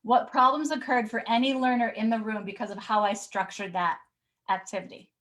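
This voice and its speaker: A woman's voice: a little high, fairly even intonation, a little fast, fairly bright tone, poor audio. A woman educator giving a live online talk, telling a classroom story, acting out the people she quotes and reading replies from the chat.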